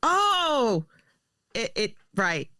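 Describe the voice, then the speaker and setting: A woman co-hosting a casual podcast, playful and quick to argue back. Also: fairly high pitch, very animated, pushed and bright, dry recording, studio quality. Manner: playful, argumentative. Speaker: podcast co-host.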